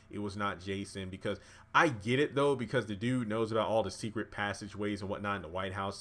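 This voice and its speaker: A man casually recapping and reviewing a TV episode, chatty and relaxed, with plenty of fillers. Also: on the low side. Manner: relaxed, chatty, acts out dialogue with many fillers. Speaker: YouTube TV reviewer.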